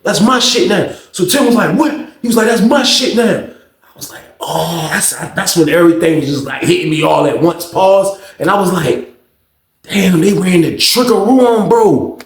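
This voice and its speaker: A man with a slightly high voice tells a long casual story full of slang and curses. He acts out the other people in it, leaping in pitch for their lines. The room adds a noticeable echo. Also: normal speed. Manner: animated, acts out voices with big pitch jumps, heavy slang and cursing. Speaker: storyteller host. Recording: roomy echo.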